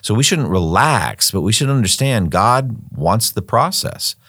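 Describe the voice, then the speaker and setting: A man's voice: fairly low pitch, very animated, measured pace, a bit bright, husky, dry recording, clean studio sound. An older man, a former missionary, talking through a Bible study in a thoughtful, rambling way, often repeating words as he thinks. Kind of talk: conversational Bible study discussion.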